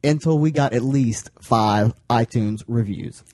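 A man's voice: medium pitch, unhurried, darkish tone, no room sound. A man co-hosting a podcast in casual chat, tossing off dry, sarcastic quips. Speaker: podcast co-host.

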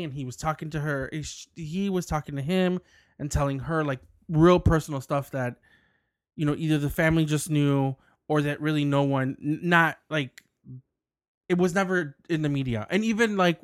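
A man with a voice on the high side co-hosts a podcast, casually telling a meandering story with plenty of laughter and restarts. The indoor studio recording is clean, with no room sound.

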